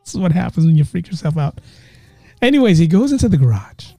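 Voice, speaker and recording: A man hosting a podcast, telling a ghost story in a chatty way, talking straight to his listeners and slowing down for suspense. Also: fairly high pitch, very animated, mellow, no echo. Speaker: podcast host.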